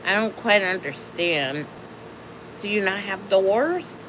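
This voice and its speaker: An unhurried woman talks to her livestream viewers from home. She sounds chatty and incredulous. Faint household sounds can be heard behind her. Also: medium pitch, animated, background noise. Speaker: livestream host. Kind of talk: casual livestream chat. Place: home with dogs nearby.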